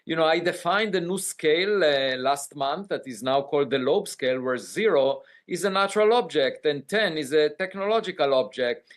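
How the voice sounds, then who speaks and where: A man giving a measured news-interview answer as a scientist, with frequent hesitant pauses. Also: fairly high pitch, expressive.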